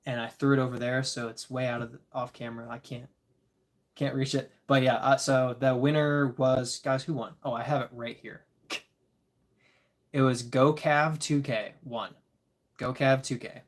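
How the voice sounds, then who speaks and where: A man's voice: medium pitch, steady tone, moderate pace. A tired man casually chatting with his live-stream audience, chuckling and rambling as he reads the chat. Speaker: disc golf livestreamer reading chat.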